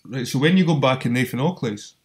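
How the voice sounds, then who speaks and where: A man with a Scottish accent, hosting a casual online hangout from his council flat, blunt and sweary, calling people man and mate. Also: mid-range voice, a little fast, slight background noise. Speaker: host. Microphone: video call.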